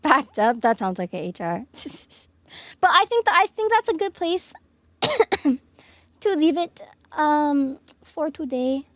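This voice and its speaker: A woman's voice: sits high, big pitch swings, slow pace, pauses often, fairly bright tone, no room sound. A young woman streamer signing off from her home office, gushing and giggly as she thanks her chat. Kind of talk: casual stream sign-off chat.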